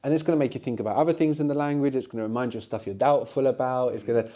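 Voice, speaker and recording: A man's voice: medium pitch, fairly even intonation, racing, warm tone. A middle-aged man teaching a language lesson, explaining patiently and often checking in with short tag questions.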